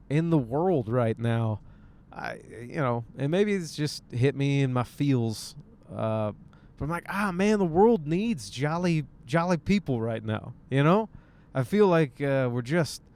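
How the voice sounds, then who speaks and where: A man's voice: mid-range voice, darkish tone, smooth. A man in his thirties from Michigan, a stand-up comic hosting a rambling solo podcast, over-caffeinated and tired, casual and swearing, tossing in jokey voiced impressions. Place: in a car.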